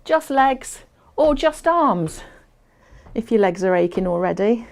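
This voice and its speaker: A woman's voice: on the high side, lively intonation, measured pace, creaky, darkish tone. A woman instructing a fitness class, chatty and encouraging, counting down aloud and a little out of breath as she exercises along.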